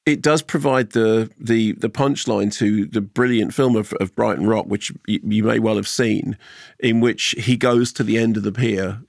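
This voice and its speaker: Gravelly, jokey male co-host. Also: lowish voice, no echo, studio quality. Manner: animated retelling, quick to laugh, jokey. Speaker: podcast co-host. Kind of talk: casual chat, storytelling.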